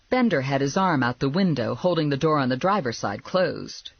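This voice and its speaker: Lively, breathy audiobook woman narrator. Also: extremely low pitch, moderate pace, hardly any pauses, no echo, muffled recording. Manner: wry, conversational storytelling. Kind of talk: first-person novel narration.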